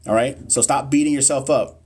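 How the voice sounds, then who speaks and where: A man's voice: mid-range voice, steady tone, brisk, darkish tone, breathy edge. Young guy doing a phone livestream, reads out test questions, talks straight to chat, swears a bit, medium voice. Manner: casual, blunt, encouraging, uses slang and swearing; reads quiz questions aloud, then chats with viewers. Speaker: nursing exam tutor. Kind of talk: live-streamed Q&A teaching.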